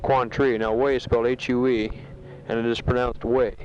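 Soldier in his bunker reading out news to family; flat, plain, matter-of-fact man, muffled lo-fi tape. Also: medium pitch, slight background noise. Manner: matter-of-fact, halting with many fillers. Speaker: soldier sending a taped letter home. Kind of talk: casual spoken letter. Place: sandbag bunker in a war zone. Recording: dull lo-fi home tape recording.

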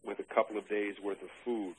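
An older man in an oral history interview, recalling his army days with dry humor and many halting "uh" restarts. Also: lowish voice, level tone, slight background noise, rough recording.

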